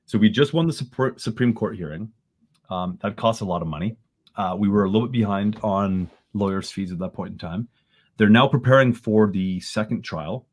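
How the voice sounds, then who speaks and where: A man from Canada, a podcast guest, telling a story in an animated way that rises into excited bursts. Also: fairly low pitch, moderate pace.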